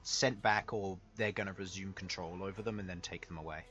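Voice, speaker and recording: A man's voice: sits low, fairly even intonation, brisk, fairly bright tone. A man narrating a tabletop game as dungeon master, laughing often as he goes.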